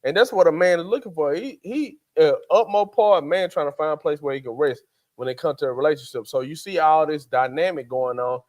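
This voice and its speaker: A man's voice: a little high, a little fast, a little mellow. A man, co-hosting a faith podcast in casual chat, acting out quotes in character voices. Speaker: podcast co-host.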